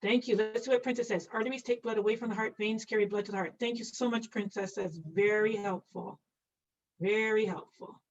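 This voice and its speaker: A woman's voice: fairly high pitch, steady tone, quick pace, few pauses, a little hiss or hum. A woman teaching an online nursing class, quizzing students by name and joking about her own drawing. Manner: playful, self-mocking, quizzes students by name. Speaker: nursing instructor. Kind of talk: online lecture while drawing. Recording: distant, dull lo-fi audio.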